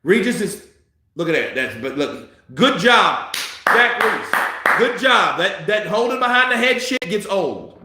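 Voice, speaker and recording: A man giving profane, heated live commentary on a boxing fight, a little tipsy, swinging between muttering and shouting. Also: high-pitched, sing-song, a little slow, heavy reverb, heavy background noise.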